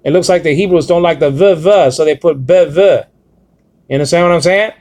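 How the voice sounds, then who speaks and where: A man teaching a Bible Greek grammar lesson. He talks in a halting way, with many fillers and "okay?" checks, and slowly sounds out and spells words. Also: fairly high pitch, a little mellow.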